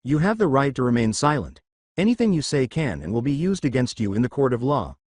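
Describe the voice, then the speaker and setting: A man voicing a calm young American hero officer who talks with dry understatement. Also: medium pitch, fairly quick, dry recording. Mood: firm.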